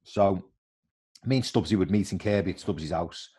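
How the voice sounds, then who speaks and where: A middle-aged man, a former footballer telling animated stories in a casual interview and acting out the voices of others. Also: low voice, normal speed, breathy edge.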